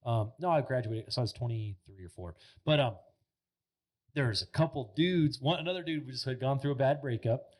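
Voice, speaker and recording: A man's voice: mid-range voice, brisk. Rambling man in his thirties, casual storyteller. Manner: animated, rambling, heavy filler words, swears freely. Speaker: podcast guest. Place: podcast studio.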